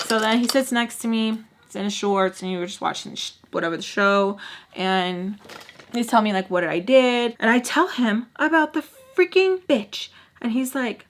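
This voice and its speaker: A woman's voice: fairly high pitch, normal speed. Young woman telling a storytime vlog. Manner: casual, swearing, animated retelling. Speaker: vlogger.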